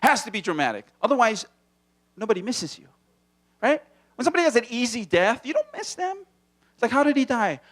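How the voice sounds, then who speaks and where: Male stand-up comedian, from Hawaii, high voice, very animated pitch, playful, stage mic, small club. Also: fairly quick, long pauses. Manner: animated, playful, slips into character voices and movie-trailer deep voice. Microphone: handheld stage mic.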